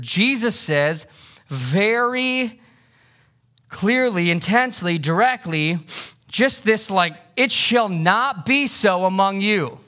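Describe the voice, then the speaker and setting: A man's voice: high voice, fairly bright tone. A male pastor preaching a sermon in a loose, conversational way, joking with the congregation and pressing his points with emphasis.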